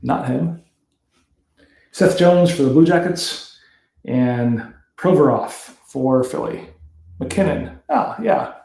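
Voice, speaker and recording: Reading off player names during a card break, a Canadian man laughs at the ones that are hard to pronounce, keeping the commentary casual. He talks slowly in a creaky, mellow, mid-range voice, leaving long pauses. The sound is reverberant.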